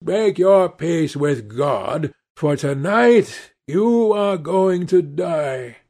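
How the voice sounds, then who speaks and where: A man voicing a vengeful rough sailor who threatens slowly and with heavy emphasis. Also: on the high side, animated, a little mellow, pitched above the performer's own voice, full character voice. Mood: menacing.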